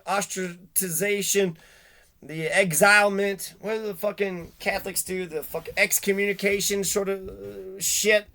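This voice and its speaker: High, bright-voiced man ranting casually. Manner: rambling, profane, animated. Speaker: commentator. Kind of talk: casual explainer monologue.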